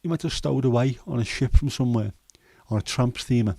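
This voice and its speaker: A man in his fifties with a Scouse accent and a hoarse throat, hosting a casual chat livestream in a rambling, jokey way with many fillers. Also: medium pitch, a little fast, mellow, no echo. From Liverpool, England. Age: 50s. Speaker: livestream host.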